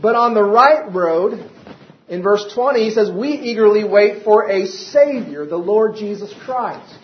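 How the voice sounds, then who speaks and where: A man's voice: sits high, animated, a little slow. A man preaching a sermon as pastor, building emphasis and asking his listeners repeated rhetorical questions. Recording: roomy, dull lo-fi church recording.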